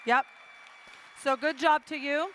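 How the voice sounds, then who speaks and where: A woman's voice: high-pitched, fairly even intonation, takes it slowly, fairly bright tone, some chatter behind, slight background noise. A middle-aged woman giving a motivational speech to a live audience, telling her story with quoted dialogue and emphatic repetition. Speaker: motivational speaker.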